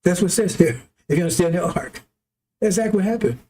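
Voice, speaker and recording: A man's voice: high-pitched, animated, fast, mellow, slight background noise. A man giving a loose, rambling sermon to his followers, blunt and often laughing as he reads scripture. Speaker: preacher.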